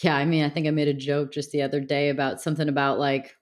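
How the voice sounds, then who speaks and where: A woman's voice: deep voice, little pitch movement, fast talker. A woman guest speaking candidly and reflectively in a casual interview, with many fillers and restarts. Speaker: podcast guest.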